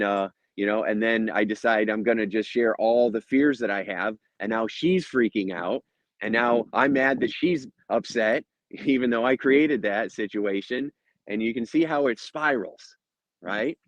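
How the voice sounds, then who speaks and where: A middle-aged man talks through a casual motivational pep talk in a low voice, tossing in "right?" and "uh" as he goes. The sound is muffled and slightly dull, with a dry, close feel and no room echo. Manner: conversational, frequent "right?" tag questions and filler "uh". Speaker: hypnotherapist and mindset coach.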